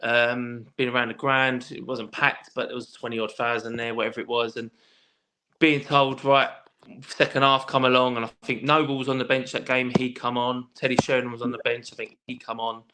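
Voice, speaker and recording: A man's voice: medium pitch, a little fast. A man telling stories in a casual podcast chat, swearing freely and restarting his sentences often. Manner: animated storyteller, swears freely, many restarts. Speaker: guest, former footballer.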